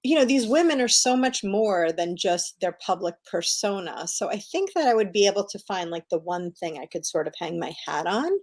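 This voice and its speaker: Speaking at an ordinary middle pitch, a middle-aged woman talks as a guest author on a video call. She tells stories with eager, animated enthusiasm in a casual interview chat. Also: normal speed, hardly any pauses.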